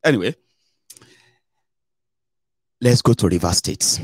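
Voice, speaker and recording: A man giving casual, animated political commentary on his own channel, slipping into pidgin asides. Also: fairly low pitch, moderate pace, pauses often, no room sound, clean studio sound.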